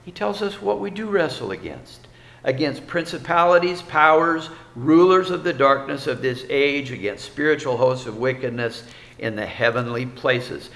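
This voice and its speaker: A man's voice: medium pitch, animated, normal speed, gravelly, fairly bright tone. Man preaching, folksy, voice swings up and down a lot, echoey room. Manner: folksy preaching with rhetorical questions and repetition. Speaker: pastor. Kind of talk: sermon.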